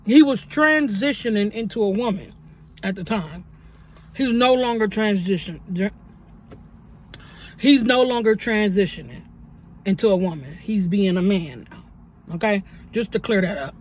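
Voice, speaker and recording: A young adult woman vlogger telling a story while eating on camera, animated and swearing freely. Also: medium pitch, a little slow, pauses often.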